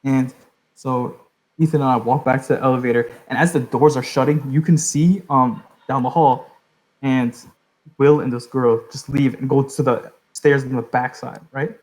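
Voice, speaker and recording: A man's voice: medium pitch, steady tone, moderate pace, darkish tone, rough recording. A young adult man hosting a podcast, telling a long story in a loose, rambling way, leaning on "like" and "right?". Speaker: podcast host. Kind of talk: casual storytelling.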